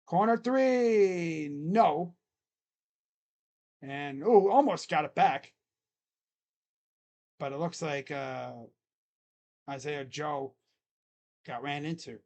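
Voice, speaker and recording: A sports reaction streamer calls a basketball game live in a loose, chatty way, joking and talking to himself between plays. His slightly mellow voice sits at a middle pitch, stretching each play call into slow, drawn-out words before easing back into rambling.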